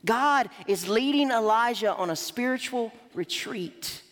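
A woman preacher with a fairly high voice delivers her sermon emphatically, swinging her pitch up for emphasis and low to land a point. Her words ring out in a long hall reverb, as in a church sanctuary. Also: a little slow. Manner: emphatic, lively rises and drops.

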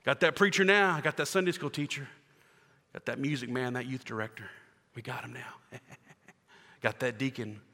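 A man's voice: medium pitch, normal speed, pauses often, pushed and bright, big-room sound. A man voicing a band of sneering critics who gloat over catching a preacher, with mocking laughter. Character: sneering male critics plotting against a preacher.

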